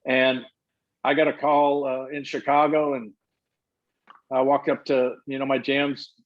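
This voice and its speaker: A man's voice: mid-range voice, a little slow. An older man, a former baseball manager, telling stories in an interview and acting out the dialogue. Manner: animated storyteller acting out dialogue. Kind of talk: storytelling interview answers. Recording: muffled lo-fi audio.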